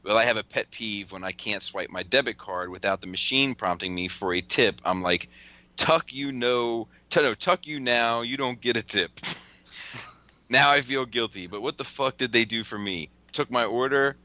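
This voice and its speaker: Bright-voiced man reading texts, cursing. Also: medium pitch, normal speed, no echo. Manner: profane, laughing often while reading. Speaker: podcast host. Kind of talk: casual chat, reading out text messages.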